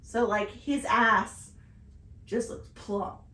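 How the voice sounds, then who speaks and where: A woman from Southern Indiana co-hosting a podcast, telling a story in casual chat, animated and swearing freely. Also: a little high, extremely slow, echoey room. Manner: animated, swears freely, shouts when retelling. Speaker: podcast co-host.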